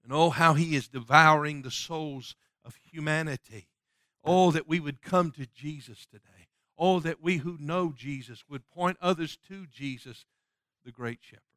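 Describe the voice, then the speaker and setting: A man preaching a sermon who swings from loud, ringing passages to soft, hushed appeals and quotes scripture in old-fashioned wording. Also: fairly high pitch, moderate pace, no echo, clean studio sound. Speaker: pastor.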